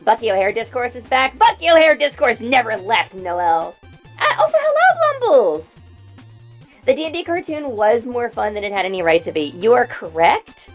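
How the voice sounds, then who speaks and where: A young woman streamer talks in an excited, rambling way, tripping over her words as she jumps between bits of trivia. Her voice is very lively, swinging high and low. Faint music plays quietly behind her. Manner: rambling, excited trivia talk with quick restarts. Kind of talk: casual stream chat.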